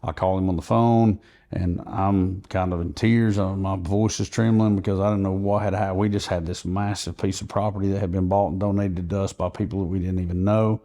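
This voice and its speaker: Mellow-voiced man telling a story. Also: sits low, fairly even intonation, fairly quick. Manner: earnest, recounting events at length. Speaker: podcast guest. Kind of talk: conversational storytelling.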